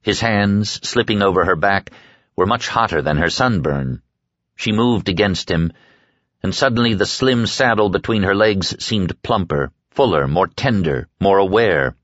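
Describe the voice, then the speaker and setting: A man reading an audiobook in a measured, steady narration. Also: deep voice, no echo. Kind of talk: scripted narration. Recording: dull, dry lo-fi audio.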